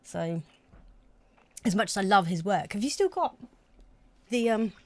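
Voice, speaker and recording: A woman's voice: mid-range voice, animated, unhurried. A woman co-hosting a casual chat, chatty and self-deprecating, laughing easily.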